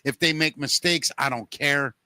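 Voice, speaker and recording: A man's voice: fairly high pitch, moderate pace, bright, forceful tone, no echo. A man hosting a podcast, telling a rambling everyday story in a casual chat, with plenty of "you know" fillers. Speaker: podcast host.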